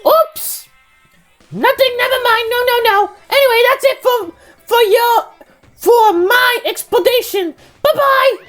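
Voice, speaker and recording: Woman doing a shrill, showy mascot bear, teasing and sing-song, soft game music behind. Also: measured pace. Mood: coy. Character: mischievous male bear mascot headmaster.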